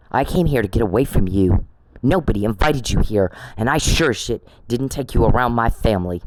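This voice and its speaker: A man's voice: medium pitch, darkish tone, no echo, low-quality recording. A man delivering an angry, confrontational monologue at someone he says is harassing him, repeating himself and swearing.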